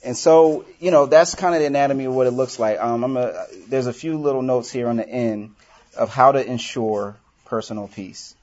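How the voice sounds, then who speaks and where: A man's voice: mid-range voice, normal speed, darkish tone. A man leading a workshop for a live group, talking casually with many "you know"s and acting out example lines. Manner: conversational, full of "you know", acts out quoted lines. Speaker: workshop leader. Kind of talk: casual teaching talk. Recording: dull lo-fi recording.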